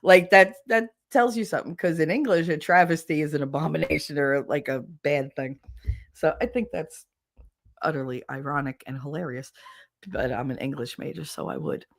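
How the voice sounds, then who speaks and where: A woman hosting a podcast in casual solo chat, animated, laughing often and swearing freely. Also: low-pitched, normal speed, gravelly. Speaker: podcast host.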